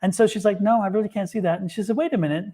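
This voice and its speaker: A man in casual chat, telling an animated story and acting out what people said. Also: sits high, rapid-fire. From United States. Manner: animated storyteller, acts out quotes. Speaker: psychic reader and co-host.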